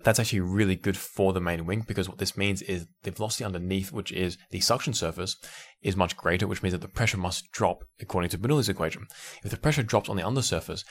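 A man's voice: deep voice, fast talker. A man hosting an educational podcast, explaining technical results with enthusiasm and an easy, explanatory manner. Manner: enthusiastic, explanatory, occasional restarts and laughs. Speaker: podcast host.

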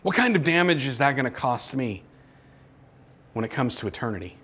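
A male pastor preaching a sermon, pressing his listeners with repeated rhetorical questions and swinging between urgent and hushed. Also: medium pitch, very animated, brisk, slight background noise.

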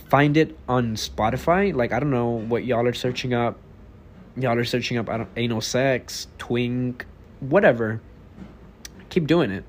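A man's voice: mid-range voice, slight background noise. An eighteen-year-old man from Texas hosting his own podcast, talking alone in a rambling, blunt, profane way. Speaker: podcast host. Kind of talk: casual solo podcast monologue.

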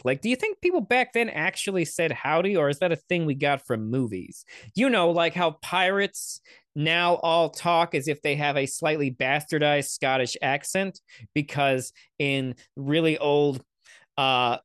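A man riffing through a casual reaction commentary, cursing freely and drifting off into sarcastic tangents. His voice sits on the high side, and the sound is dry and close with no room around it. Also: a bit bright, no room sound. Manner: profane, rambling, sarcastic asides. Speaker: commentary host.

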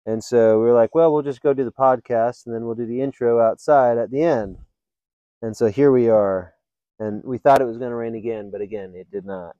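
A man hosting a podcast, telling funny stories in a casual, animated way and laughing often. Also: mid-range voice, brisk, dry recording, dull audio. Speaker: podcast host. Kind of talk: casual storytelling chat.

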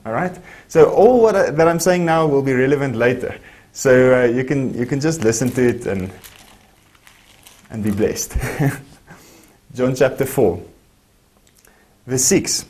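A man's voice: medium pitch, a little slow, long pauses, a little mellow. A man preaching a broadcast sermon. He reads scripture aloud at length, explains each verse and keeps checking in with listeners.

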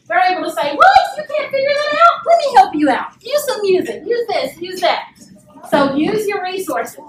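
A young woman giving a lively motivational talk to a live audience, often acting out voices and asking them to respond. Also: high voice. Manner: animated, acts out voices and calls for audience response. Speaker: speaker at a parent event. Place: meeting room with live audience. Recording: echoey room, distant mic, faint noise.

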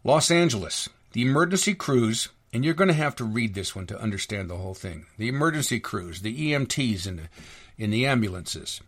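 A man's voice: mid-range voice, expressive, fairly quick, fairly bright tone. Indignant rambling man ranting solo. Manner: indignant, rambling, sarcastic, with restarts and sudden rises. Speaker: podcast host. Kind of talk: ranting solo podcast monologue.

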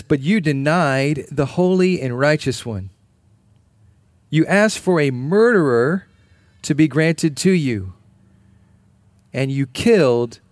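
A man's voice: a little high, dry recording. A man preaching a sermon in an earnest, emphatic way, repeating key phrases. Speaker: pastor.

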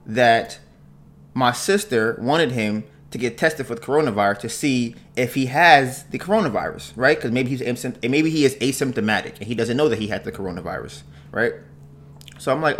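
A man hosting a podcast, telling a story in a casual, animated way and tagging phrases with "right?". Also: mid-range voice. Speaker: podcast host.

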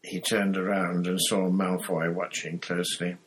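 A man narrating an audiobook in a measured storytelling way. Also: low-pitched, little pitch movement, fairly bright tone, husky. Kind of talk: audiobook reading.

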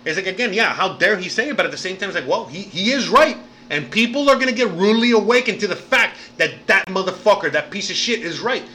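A man's voice: high voice, lively intonation, fast talker, few pauses, sharp tone. A man ranting profanely in a reaction video, repeating "you know what I mean" over and over. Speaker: commentator reacting to clips.

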